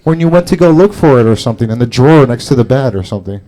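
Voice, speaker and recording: A man's voice: medium pitch, lively intonation, rapid-fire, dark tone. A man doing open mic stand-up, rambling and profane, laughing at his own jokes. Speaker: stand-up comedian. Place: comedy club stage.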